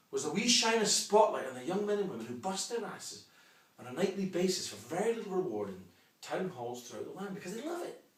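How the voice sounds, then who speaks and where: A man's voice: high voice, recorded from a distance. A Scottish man in his forties, a wrestling promoter delivering a combative, mocking, boastful promo rant. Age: 40s. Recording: echoey room, off-mic.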